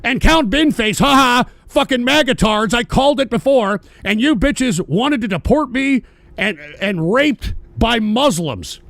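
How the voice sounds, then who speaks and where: A man hosting a livestream, delivering a profane, sarcastic political rant that often breaks into shouting. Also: extremely high pitch, animated, unhurried, creaky, no echo. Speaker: livestream host.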